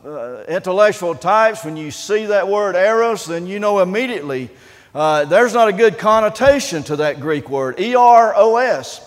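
A pastor preaching a sermon in an earnest, halting way, often pausing on "uh" and restarting his sentences. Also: sits high, in a large hall.

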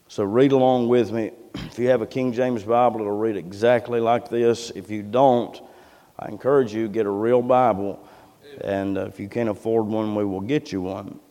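A man preaching a sermon as pastor, reading scripture with slow, rising emphasis in a church sanctuary. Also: on the low side, warm tone. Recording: reverberant church hall.

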